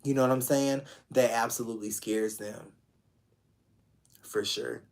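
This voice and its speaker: A man's voice: mid-range voice, fairly even intonation, measured pace, vocal fry, a little mellow. A man giving live-streamed tarot readings in a casual, affectionate way, talking straight to viewers, repeating phrases and swearing freely. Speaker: tarot reader.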